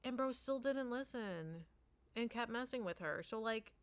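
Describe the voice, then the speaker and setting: A woman's voice: on the high side, expressive, measured pace. A woman telling a parenting story in a casual monologue, with lots of "like" fillers, acting out what people said. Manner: chatty, acts out quotes, many "like" fillers.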